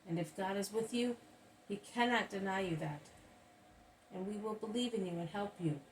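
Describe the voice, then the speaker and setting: A woman's voice: medium pitch, normal speed, close to an everyday voice. A woman reading the part of a proud, hostile male scribe, in an insistent, scornful manner, from a distant mic with faint hiss. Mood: demanding.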